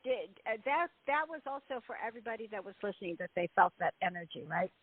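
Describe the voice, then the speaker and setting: A woman's voice: mid-range voice, expressive, quick pace, slightly rough, no room sound. A woman hosting a casual group call who is effusive and upbeat and tends to repeat herself. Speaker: host. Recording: tinny phone line, dry.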